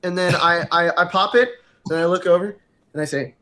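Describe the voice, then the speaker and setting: Guy playing a bard in d&d, kinda stumbly, repeats words, fairly high voice. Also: sharp tone. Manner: halting, repeats words when describing his character. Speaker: player. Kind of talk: playing a character in a tabletop game.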